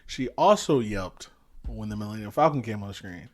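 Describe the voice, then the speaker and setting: A man's voice: lowish voice, normal speed. Wry, easygoing man telling a story. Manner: relaxed, wry storytelling with chuckles. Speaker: podcast co-host. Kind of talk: casual movie review chat.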